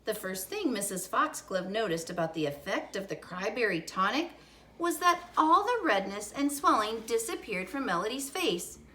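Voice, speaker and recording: A woman reading a children's chapter book aloud to kids, expressive and animated. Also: fairly high pitch, moderate pace. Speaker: storyteller for children.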